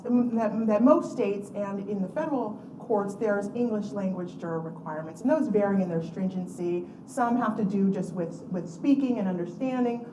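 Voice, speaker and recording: A woman law professor giving a panel talk, telling a story in an earnest lecture style. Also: medium pitch. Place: lecture room. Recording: echoey room from far off with background noise.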